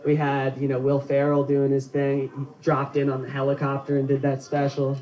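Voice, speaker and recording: A man's voice: mid-range voice, monotone, normal speed, a little mellow, muffled recording. Young male comic chuckling through jokes. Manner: loose, laughing at his own jokes. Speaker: stand-up comedian. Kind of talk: stand-up comedy set. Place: outdoor show.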